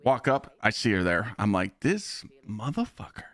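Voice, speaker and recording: A young man streaming games, telling stories to his chat in a blunt, profane, animated way. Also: fairly low pitch, moderate pace. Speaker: game streamer. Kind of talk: casual live-stream storytelling.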